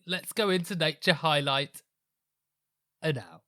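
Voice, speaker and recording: A man's voice: on the high side, lively intonation, takes it slowly, pushed and bright, no echo, studio quality. A young man co-hosting a podcast, upbeat and teasing in a casual chat. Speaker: podcast co-host.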